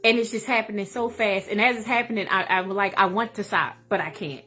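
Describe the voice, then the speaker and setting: A woman hosting a livestream, telling a funny personal story in a casual, animated way. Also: medium pitch, a little fast, soft background music. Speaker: livestream host.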